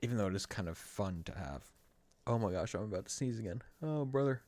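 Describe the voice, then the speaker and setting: Low-voiced man rambling through gameplay. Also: fast talker, a little mellow, no room sound. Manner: rambling, self-correcting, wry. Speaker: streamer. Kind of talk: casual gameplay commentary. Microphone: desk microphone.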